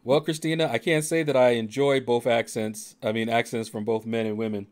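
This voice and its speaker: A middle-aged man in easygoing talk with a game stream's audience and co-host. His voice sits at an ordinary middle pitch, and his delivery stays unhurried, laid-back and dryly joking. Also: steady tone. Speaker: streamer hosting a gaming channel. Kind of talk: casual chat on a game stream.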